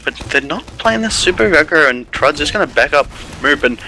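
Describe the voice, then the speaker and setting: A man casting a live online game match, calling the play quickly and chatting with his co-caster. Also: a little high, animated, sharp tone, a little hiss or hum, rough recording. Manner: quick, chatty, laughs often. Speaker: esports caster.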